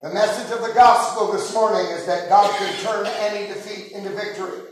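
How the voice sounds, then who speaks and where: A man preaching a fervent sermon in a very high voice, rising into shouted proclamations. He is recorded from a distance, and the sound rings around a big, reverberant church hall. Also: steady tone, brisk, slight background noise. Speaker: pastor. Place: large church sanctuary. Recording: very echoey hall, mic far off.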